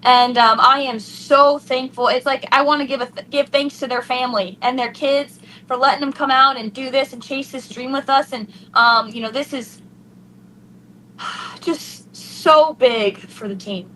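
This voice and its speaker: A woman's voice: high-pitched, unhurried, a little hiss or hum, poor audio. A young woman racing driver, gushing and tearful in an emotional post-race interview. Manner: excited, gushing, breathless with emotion.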